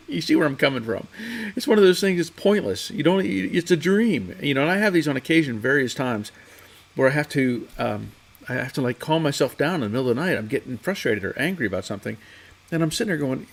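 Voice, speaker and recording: A man's voice: mid-range voice, lively intonation, brisk. Male garage livestream host; rambling, chatty, reads viewer comments. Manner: rambling, chatty storyteller with frequent restarts. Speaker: livestream host of a classic car garage show. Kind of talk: casual chat, reading out viewer comments. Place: home garage workshop.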